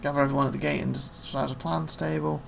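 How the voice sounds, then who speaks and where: A man playing a story game, reading its text aloud plainly with quick offhand comments. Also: a little high, flat delivery, gravelly, a bit bright, slight background noise. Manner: reads narration plainly, quick offhand asides. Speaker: let's play host.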